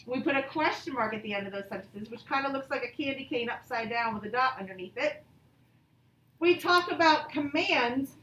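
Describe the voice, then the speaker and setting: A woman teaching a grammar lesson to young children online, reading example sentences slowly and with exaggerated expression. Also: on the high side, fairly bright tone, slight background noise. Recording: echoey room, voice from a distance.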